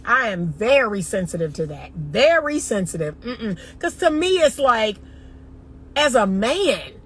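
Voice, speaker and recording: A middle-aged woman from the northern US gives dating advice in an emphatic, chatty way, talking straight to her audience. Her voice sits a touch high for a woman, and she leans hard on her points. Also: big pitch swings, a little slow, fairly bright tone, a little hiss or hum. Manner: emphatic, talks straight to viewers as y'all. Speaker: dating coach. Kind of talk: casual livestream chat.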